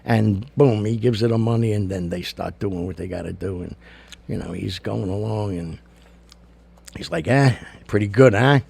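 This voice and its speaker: Gravelly, blunt older talk-show host. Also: male voice, sits low, steady tone, normal speed, warm tone, slight background noise. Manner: gravelly, blunt and chatty, with many fillers. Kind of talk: casual talk-show monologue with jokes and opinion.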